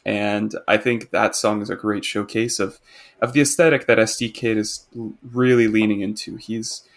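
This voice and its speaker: A man, co-hosting a podcast and excitedly presenting a music artist in casual chat. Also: fairly low pitch, moderate pace. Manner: enthusiastic, rambling with restarts.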